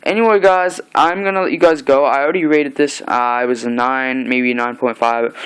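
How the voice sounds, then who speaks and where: A young man chats through a comic book recap in a casual home vlog. He rambles, restarts and retells scenes with "he's like." His voice is clear and smooth, sitting at a middle pitch. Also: steady tone, normal speed, a bit bright, low-quality recording.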